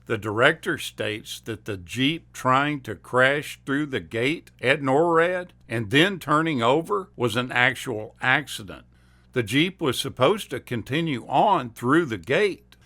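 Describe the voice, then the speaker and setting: A man reads a scripted narration of film trivia, taking his time over each sentence. His voice is bright and sits at an ordinary pitch, and his delivery stays unhurried and steady. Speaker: host.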